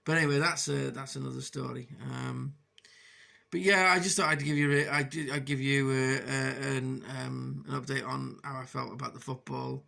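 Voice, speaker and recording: A man records a personal video diary in a heavily gravelly, creaky voice. He speaks frankly and hesitantly, with many restarts and fillers, and his pitch sits at an ordinary middle height. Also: flat delivery, normal speed, pushed and bright. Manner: frank, open about struggling. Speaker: vlogger.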